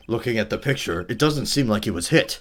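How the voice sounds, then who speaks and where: A man's voice: fairly low pitch, animated, fairly quick. A man voicing a fussy old courtroom judge from a video game in a ponderous, musing manner.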